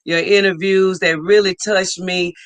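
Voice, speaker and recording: A woman's voice: on the low side, steady tone, unhurried, dry recording. A woman co-hosting a casual livestream, enthusiastically reading out viewer comments. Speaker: livestream co-host.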